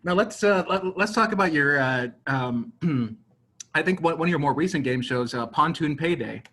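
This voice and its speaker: Guy hosting a podcast, husky bright voice, short questions. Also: a little high, expressive, normal speed. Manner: brief questions and short agreeing replies. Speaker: podcast host. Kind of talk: casual interview.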